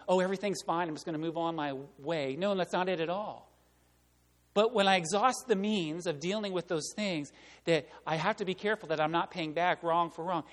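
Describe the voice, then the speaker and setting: A male pastor preaching a conversational sermon, dropping to soft asides and rising to loud, emphatic peaks. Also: fairly high pitch. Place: church sanctuary. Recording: long church reverb.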